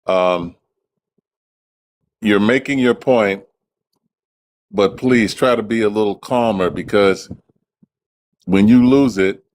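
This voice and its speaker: Man, 60s, very deep voice, calm, measured, faint noise behind. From Chicago. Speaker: caller. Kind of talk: calm live-stream debate.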